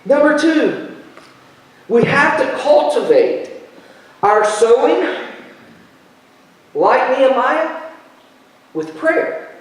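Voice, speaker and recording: A male pastor with a strikingly high voice delivers his sermon in an animated, self-mocking way, repeating phrases for effect. His voice rings through a very echoey church sanctuary, picked up from some distance away from the mic.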